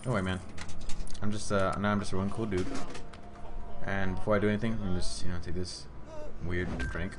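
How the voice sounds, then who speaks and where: A man streaming a video game, talking loudly and goofily as he plays, yelping and humming tunes. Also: lowish voice, brisk, long pauses, background noise. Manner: loud, goofy, yelps and hums tunes. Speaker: gaming streamer. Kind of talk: excited let's-play commentary.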